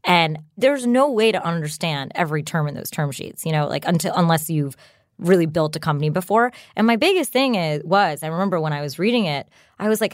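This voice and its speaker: A woman's voice: on the low side, lively intonation, fairly quick, no room sound, clean studio sound. A woman in her thirties, a startup founder speaking as a guest in a casual interview, chatty and full of fillers like "like" and "you know". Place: studio.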